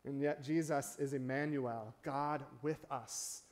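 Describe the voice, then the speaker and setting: A man's voice: mid-range voice, fairly even intonation, slow pace. A man preaching a sermon in a church, talking conversationally and often checking in with the congregation with asides. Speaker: pastor. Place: church sanctuary.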